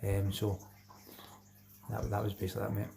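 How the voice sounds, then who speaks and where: Speaking briskly in a fairly low, dark, creaky voice with flat delivery, this middle-aged Scottish man runs a live stream. He chats casually, reads viewers' comments, repeats himself and calls people mate.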